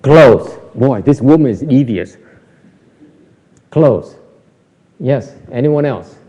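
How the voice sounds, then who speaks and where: A man's voice: medium pitch, lively intonation, slow, mellow. A man, a Buddhist teacher, giving a Dharma lecture in a temple hall, teasing and questioning his audience with lots of repetition. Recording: dull audio with hall reverb.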